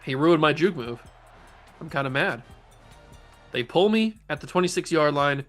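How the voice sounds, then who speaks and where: A man's voice: on the high side, moderate pace, faint music behind. Cocky young man calling his own plays. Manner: playful, cocky, bursts into excited play-by-play calls. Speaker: gaming YouTuber, host. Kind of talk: casual gameplay commentary.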